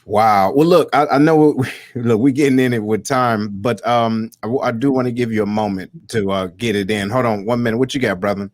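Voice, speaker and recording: A man's voice: mid-range voice, a little fast, few pauses, dry recording, clean studio sound. A man hosting an interview, affirming his guest and repeating phrases for emphasis. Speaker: podcast host. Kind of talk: conversational interview.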